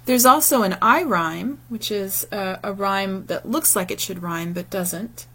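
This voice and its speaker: A woman's voice: mid-range voice, a bit bright, breathy edge. Woman explaining poetry slides. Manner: explanatory, measured, with occasional fillers. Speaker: teacher. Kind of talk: recorded lecture over slides.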